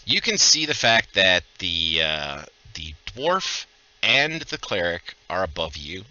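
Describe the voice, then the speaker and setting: A man running a livestreamed tabletop game as game master, casual and joking as he gives quick instructions over voice chat. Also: low voice, sing-song, pushed and bright, no room sound, dull audio.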